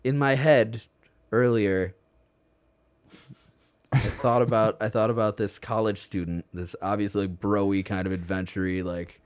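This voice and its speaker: A man's voice: lowish voice, steady tone, a little slow, long pauses, clear, resonant tone. A man hosting a podcast, joking crudely and telling stories in casual chat. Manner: joking, crude, tells stories with put-on voices. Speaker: podcast host.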